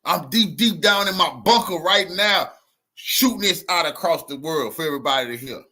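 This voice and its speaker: Husky ranting male commentator, heated. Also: normal speed. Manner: heated, emphatic, swings between loud outbursts and low mutters. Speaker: commentator reacting to a clip.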